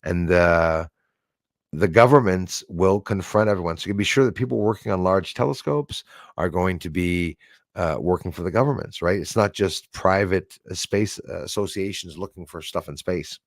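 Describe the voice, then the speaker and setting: A man's voice: deep voice, normal speed, no echo, clean studio sound. A middle-aged man from Canada hosting a casual livestream, chatting to viewers in a rambling way with many fillers, restarts and chuckles. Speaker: livestream host. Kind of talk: casual livestream chat reading viewer comments.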